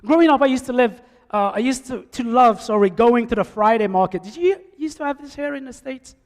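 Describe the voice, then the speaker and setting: A male preacher with a high voice delivers a sermon, swinging between loud calls and quiet asides. His voice carries with a long echo through the church. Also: brisk. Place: church sanctuary. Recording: echoey church hall.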